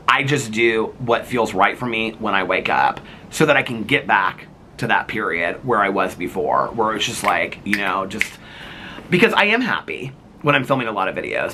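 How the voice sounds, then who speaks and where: A middle-aged man chatting to his viewers in a bright, ringing voice that swoops up and down as he talks. He rambles along, leaning on "like" and "you know," and chuckles at his own stories. A faint hum of noise sits behind him. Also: lowish voice. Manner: animated storyteller who laughs at himself. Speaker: vlogger. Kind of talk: casual chat to camera.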